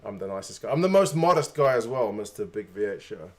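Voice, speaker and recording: A man's voice: fairly low pitch, sing-song, fast, a little mellow. A man hosting a stream, venting in casual chat with sarcastic asides. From New Zealand. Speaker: stream host.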